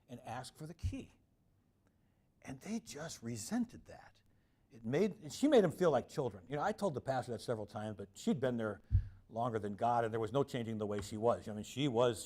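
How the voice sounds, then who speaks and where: Middle-aged guy giving a talk, tells funny stories, does little voices for the people he quotes. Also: medium pitch. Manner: animated anecdotes, acting out quoted voices. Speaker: lecturer. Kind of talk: public lecture with storytelling.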